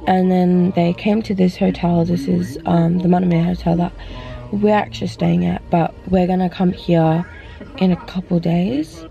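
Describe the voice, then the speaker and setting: A young woman from Australia vlogging casually from inside a car, rambling with lots of fillers, her voice a bit rough from just waking up. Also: fairly low pitch, moderate pace, dark tone, dull audio. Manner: chatty, rambling with many "like"s and "um"s. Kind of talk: casual travel vlog chat. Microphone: handheld compact camera.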